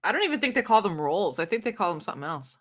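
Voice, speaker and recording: A woman's voice: lowish voice, very animated, rapid-fire. A woman hosting a casual live stream, reading viewers' comments aloud and chatting with them, laughing often. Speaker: booktube live-stream host.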